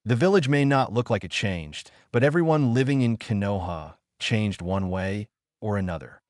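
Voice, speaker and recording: A man's voice: lowish voice, animated, moderate pace, a little mellow, no room sound, clean studio sound, close to an everyday voice. A man voicing a teenage girl ninja, earnest and inquisitive, in a storybook reading.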